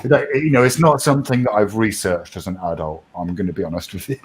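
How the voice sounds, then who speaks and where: A man's voice: lowish voice, steady tone, fast, slight background noise, rough recording. A man with a New Hampshire accent hosting a casual stream, rambling and laughing at himself. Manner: rambling, self-deprecating, laughs often. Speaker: stream host. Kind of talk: casual chat.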